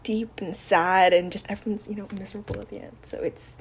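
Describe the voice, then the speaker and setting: A young woman co-hosting a podcast, chatting casually, laughing and trailing off into soft murmurs. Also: medium pitch, steady tone, fairly quick, slight background noise. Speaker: podcast co-host. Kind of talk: casual chat.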